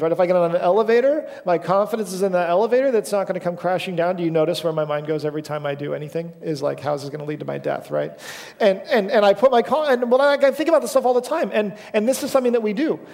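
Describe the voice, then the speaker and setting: Young male pastor, slightly high and gravelly, loose self-deprecating storyteller preaching in a reverberant church. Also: a little mellow. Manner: casual storytelling, self-deprecating, with frequent fillers. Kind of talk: sermon. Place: church sanctuary.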